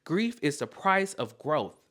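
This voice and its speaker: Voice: mid-range voice, sing-song, slow pace, background noise. A podcast host giving a motivational monologue, speaking emphatically, repeating key points and often checking in with listeners. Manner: loose, conversational delivery with self-corrections.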